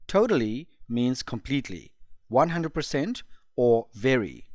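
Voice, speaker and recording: A man presenting an English lesson for learners, explaining phrases slowly and clearly. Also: medium pitch, sing-song, darkish tone, dry recording, studio quality. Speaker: English teacher. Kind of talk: scripted lesson narration.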